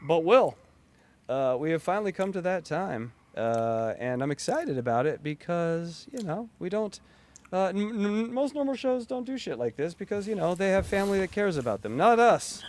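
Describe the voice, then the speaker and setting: A man co-hosting a casual sports podcast, loud, profane and jokey. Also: high-pitched, very animated, moderate pace. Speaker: podcast co-host.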